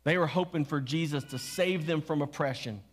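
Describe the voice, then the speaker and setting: A man's voice: a little high, moderate pace. A middle-aged man preaching a sermon, telling a story and acting out what people said, with questions to the congregation. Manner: storytelling, acts out quotes, asks the congregation questions. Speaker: pastor. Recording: long hall reverb.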